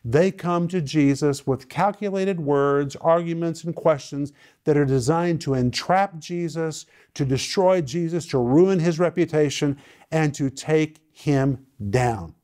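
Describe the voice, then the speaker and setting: A male preacher teaching a sermon, emphatic and repetitive, with sudden swings in loudness and pitch. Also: measured pace. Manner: emphatic, repeating phrases with sudden dynamic swings.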